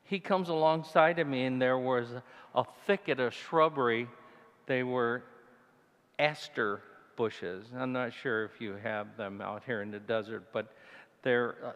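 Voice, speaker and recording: A male deacon of Italian heritage slowly tells a personal story from a church pulpit as a mission talk, the room ringing with long reverb. His animated, middle-range voice leaps high when he retells moments of fear, then sinks low and hushed. The audio sounds smooth but dull.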